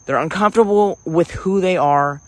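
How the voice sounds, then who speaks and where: A high-voiced male vlogger at a moderate pace performs a rambling comic monologue, theatrical and profane, often breaking off to restart. The recording has no room sound.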